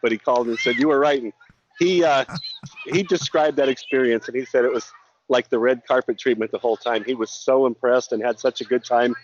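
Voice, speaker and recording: A man's voice: medium pitch, steady tone, fairly quick. A middle-aged man calling in as a guest, a law enforcement officer from Montana, chatting casually in an earnest way and often repeating his words. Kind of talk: casual chat. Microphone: remote call-in. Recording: slightly dull call audio with faint noise.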